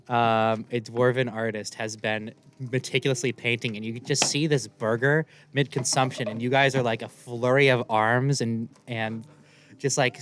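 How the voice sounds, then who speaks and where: A man's voice: mid-range voice, fairly bright tone. A man running a tabletop game as game master, narrating in a playful, rambling way and laughing often.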